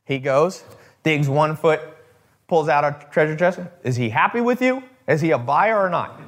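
A man's voice: a little high, lively intonation, moderate pace. A man hosting a casual talk to his viewers, rambling with restarts and swearing, acting out the people he quotes. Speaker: host.

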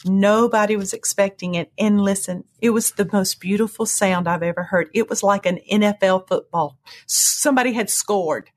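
Earnest breathy woman telling her testimony. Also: moderate pace, few pauses. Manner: earnest storytelling, swings to high cries when reliving moments. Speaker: guest sharing testimony. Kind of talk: emotional personal testimony.

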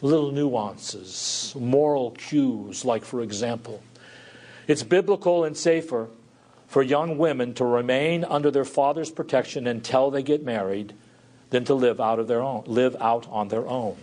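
A man's voice: medium pitch, unhurried, a little mellow. Earnest male pastor preaching a sermon. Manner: earnest, reflective. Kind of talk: sermon with scripture reading.

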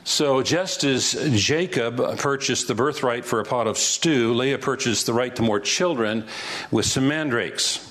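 A man's voice: medium pitch, measured pace, a bit bright. A male pastor teaching through Bible passages verse by verse, conversational and asking rhetorical questions.

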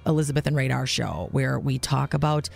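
A woman's voice: rumbling low, a little fast, creaky, faint music behind. Upbeat woman hosting a radio show. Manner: upbeat, leads the segment, asks questions. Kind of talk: morning radio chat. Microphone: studio microphone.

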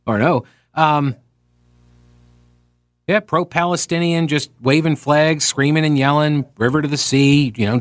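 A man's voice: medium pitch, dry recording. Sarcastic talk radio man, dry studio sound. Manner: conversational, reads quoted passages with sarcastic asides.

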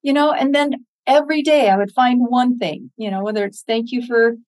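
A woman's voice: on the high side, normal speed, darkish tone, poor audio. An older American woman, a public speaker, talking earnestly and encouragingly in an interview, acting out her own inner dialogues. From United States. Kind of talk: interview talk.

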